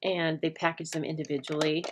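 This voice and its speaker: A middle-aged woman runs a crafting livestream, chatting and rambling to viewers as she works, laughing often and greeting them by name. Her voice sits low, her delivery is flat and brisk, and there is background noise.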